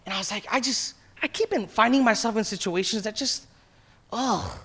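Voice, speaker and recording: A pastor in his thirties delivers an emotional, confessional testimony during a church sermon, quoting himself and others. His voice is high and bright, forceful and slightly rough, at a normal speed.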